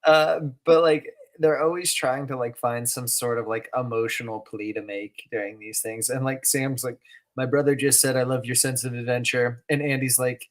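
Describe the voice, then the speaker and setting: A man's voice: medium pitch, steady tone, normal speed. A man co-hosting a laid-back reaction podcast, with an ordinary mid-range voice. He talks loosely and conversationally, chuckling as he goes. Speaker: podcast co-host. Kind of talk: casual reaction chat.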